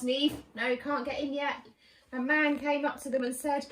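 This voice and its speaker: Woman, children's storyteller, animated, questioning, distant mic, echoey room, faint noise. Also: a little high, measured pace. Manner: animated, asks children questions, acts out lines. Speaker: children's church leader.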